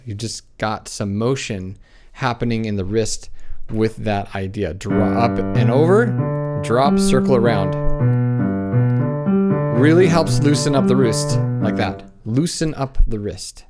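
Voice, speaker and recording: Casual man teaching piano over loud playing. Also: lowish voice, normal speed. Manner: relaxed, conversational, counts beats aloud while playing. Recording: piano playing loudly behind the voice.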